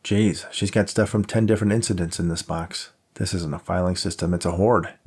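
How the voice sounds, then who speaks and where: A man's voice: sits low, steady tone, a little fast, darkish tone, slightly rough. A man reading a jumpy grumbling young student. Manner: complaining, sarcastic.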